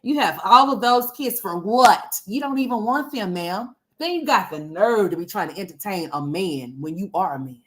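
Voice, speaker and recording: A woman's voice: mid-range voice, lively intonation, normal speed, hardly any pauses, a little hiss or hum. A woman hosting a gossip commentary livestream, brash and profane, rambling and talking straight to her viewers. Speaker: commentary host.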